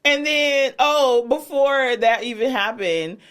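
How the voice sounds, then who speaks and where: A woman's voice: high-pitched, takes it slowly, fairly bright tone, clear, resonant tone. A woman co-hosting a podcast, recapping reality TV in casual chat and acting out quotes in exaggerated voices. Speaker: podcast co-host.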